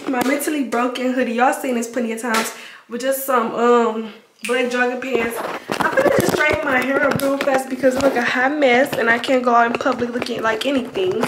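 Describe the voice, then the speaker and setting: A high-voiced teenage girl talks straight to her phone camera in a loose, rambling way, calling her viewers y'all. The sound is roomy and a little distant, as if the phone sits across an echoey room. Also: noisy background. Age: teens. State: out of breath at times. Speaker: vlogger. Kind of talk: casual vlog talk to camera.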